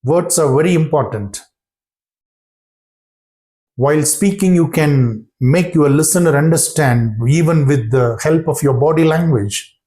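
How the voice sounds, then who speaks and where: A male English teacher giving a lesson in a slightly raised, mellow voice. He speaks slowly and deliberately, pausing between phrases, and keeps checking in with his students with brief questions and words of praise. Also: fairly high pitch. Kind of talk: online spoken-English lesson.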